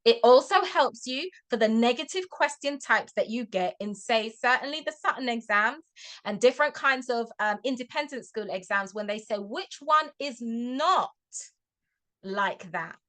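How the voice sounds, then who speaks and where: A woman's voice: a little high, expressive, normal speed, fairly bright tone. A woman tutor giving a chatty webinar talk to parents over a video call, often checking in with "okay?".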